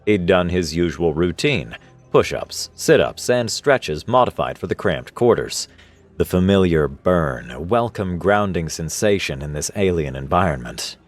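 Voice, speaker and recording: A man reading a scripted science-fiction story in a steady, expressive way. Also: low-pitched, a little slow. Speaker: narrator. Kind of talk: scripted sci-fi story narration. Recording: narration over faint music. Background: faint music.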